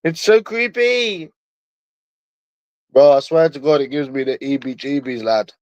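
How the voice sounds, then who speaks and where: A man's voice: medium pitch, fairly even intonation, a little fast, dark tone, no echo. A man streaming alone, rambling in a casual, mocking monologue full of swearing. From London. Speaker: livestreamer.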